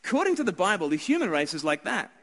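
An Australian man preaching a Christmas sermon in an earnest, conversational way, often restarting and dropping to hushed asides. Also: sits high, sing-song, quick pace. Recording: hall reverb.

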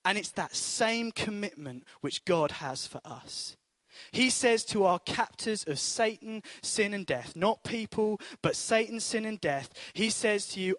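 A man preaches a sermon to a congregation, earnest and storytelling. His voice sits fairly high and turns energetic at moments. The sound is close and dry. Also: measured pace, dry recording. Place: church before a congregation.

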